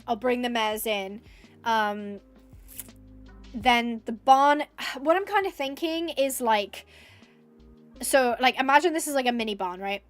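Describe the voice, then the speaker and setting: A woman's voice: fairly high pitch, unhurried, pauses often, soft background music. A young woman streaming a building game, thinking aloud in casual chat and gushing with thanks, teary and a bit snotty. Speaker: Minecraft streamer. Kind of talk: casual live-stream chat while gaming.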